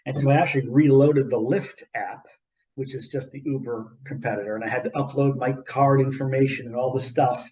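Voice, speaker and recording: Man, mid-pitched podcast co-host, spins a rambling story full of repeats; audio a bit muffled. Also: a little fast. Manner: animated, rambling anecdote with repeats and asides. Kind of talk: casual storytelling chat.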